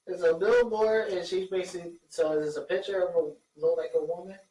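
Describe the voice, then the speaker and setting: A man co-hosting a loose talk show who laughs as he tells his stories and acts out other people's lines. His voice sits a little high for a man. The mic is far away, so the room echoes, with faint noise underneath. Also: steady tone, fast talker, mellow. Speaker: podcast co-host. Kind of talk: casual chat.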